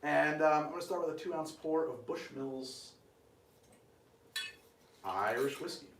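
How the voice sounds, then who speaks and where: A man's voice: fairly high pitch, a little slow, fairly bright tone, roomy sound, far from the mic. A man hosting a cocktail show, chatting casually on a live stream as he makes a drink, with rambling, self-deprecating asides.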